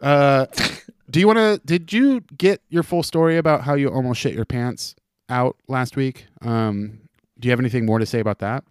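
A man's voice: medium pitch, fairly quick, darkish tone, clear, resonant tone, no echo, studio quality. A man co-hosting a podcast in casual chat, joking, laughing often and swearing freely. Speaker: podcast co-host.

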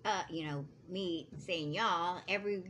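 A woman's voice: medium pitch, expressive, unhurried, a bit bright, a little hiss or hum. A woman co-hosting a podcast in casual group chat, playfully telling a family anecdote. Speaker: podcast co-host.

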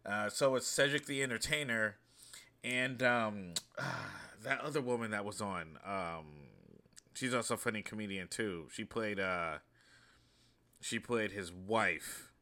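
A man in his thirties hosting a show, talking in a chatty, storytelling way with animated asides. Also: lowish voice, a little slow. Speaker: host. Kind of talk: casual monologue.

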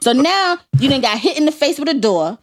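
A woman's voice: high voice, big pitch swings, a little fast. A woman from Harlem with a thick New York accent, co-hosting a podcast and ranting emphatically in casual chat. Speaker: podcast co-host.

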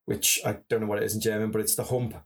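A man's voice: on the low side, flat delivery, rapid-fire. A man hosting a casual interview, rambling and joking.

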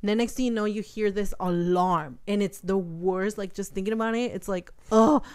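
Smooth-voiced young woman telling a story. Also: mid-range voice, normal speed. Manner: animated storytelling, heavy swearing. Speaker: podcast co-host. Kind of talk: casual chat.

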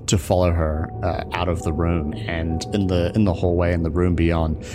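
Man, game master, very low voice, halting narration, faint background music. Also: level tone. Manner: halting, filler-heavy storytelling.

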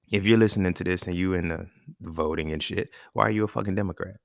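Male podcast host, very low gravelly voice, blunt profane rant, dry close mic. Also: fairly quick, no room sound. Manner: blunt, profane, animated rants with rhetorical questions. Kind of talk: casual solo podcast monologue.

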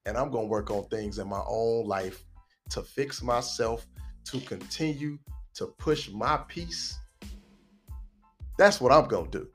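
A man's voice: medium pitch, a little slow, pauses often, breathy edge, soft background music. Emphatic man hosting a podcast. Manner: preachy, emphatic motivational delivery. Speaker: podcast host and life coach. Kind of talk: casual podcast chat.

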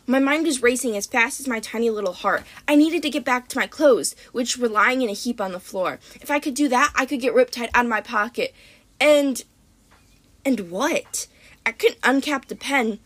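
A woman narrating a story in the first person, expressive and dramatic. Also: on the high side, normal speed. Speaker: audiobook narrator.

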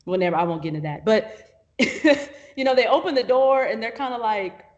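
A woman's voice: on the high side, animated, fairly quick, darkish tone, lo-fi sound. A woman guest on a podcast, telling a work story in a casual chat, acting out quotes with laughs and fillers. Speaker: videographer guest.

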